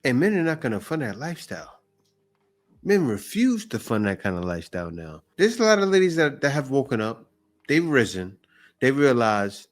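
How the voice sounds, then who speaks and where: A man's voice: mid-range voice, big pitch swings, moderate pace. A man hosting a reaction show, commenting on a clip in a skeptical, lecturing way. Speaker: host reacting to videos.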